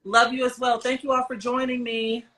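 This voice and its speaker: A woman hosting a casual livestream, with a bright, forward voice pitched a little above the usual. She talks in a playful, chatty way and speaks straight to her viewers. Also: flat delivery, moderate pace. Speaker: livestream host.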